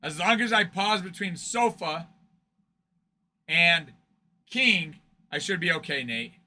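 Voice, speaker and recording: Man, high and sharp voice, animated, chatty stream host, jokey. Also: takes it slowly. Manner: chatty, jokey, laughs often. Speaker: card break streamer. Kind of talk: casual livestream chat with viewers.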